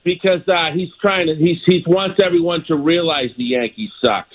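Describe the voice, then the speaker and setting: Male caller, chatty, high voice, tinny phone line. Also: moderate pace. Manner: chatty, storytelling. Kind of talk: phone-in call.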